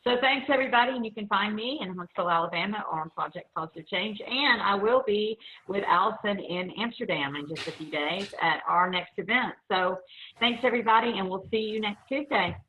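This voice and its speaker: A woman's voice: medium pitch, fairly quick, pushed and bright, a little hiss or hum. Chatty woman host on a lo-fi call. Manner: chatty, rambling, self-mocking. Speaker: family law attorney and show host. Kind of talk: casual video-call chat. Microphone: video call.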